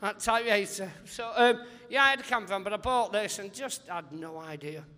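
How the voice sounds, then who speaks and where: A male comedian guest on a live podcast interview, telling rambling, animated anecdotes and acting out other people's voices. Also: sits high, fairly quick, big-room sound.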